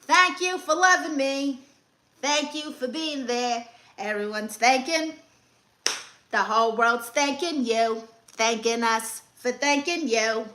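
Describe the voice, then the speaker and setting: A woman's voice: high voice, slow pace, sharp tone, slight background noise. A young woman comedian hosting a live stream, reading comments and handing out blunt, sassy advice.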